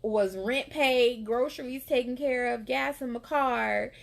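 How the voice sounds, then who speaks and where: A young woman talks in a loose, heartfelt way, stacking little fillers and soft laughs as she tells her story. Her voice sits a touch high, with a gravelly fry that shows up under her words. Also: unhurried. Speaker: nurse and vlogger. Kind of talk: casual faith-sharing chat.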